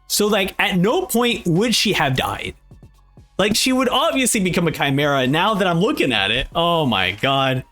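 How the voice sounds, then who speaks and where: A young man reacting to a manga as he reads it aloud, excitable and exclaiming often. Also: sits high, moderate pace, faint music behind.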